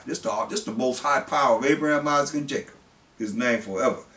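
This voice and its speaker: Distant preacher reading scripture in a room. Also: male voice, medium pitch, animated, a bit bright. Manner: reads scripture slowly, then explains it in blunt everyday speech. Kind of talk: sermon. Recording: roomy, distant mic.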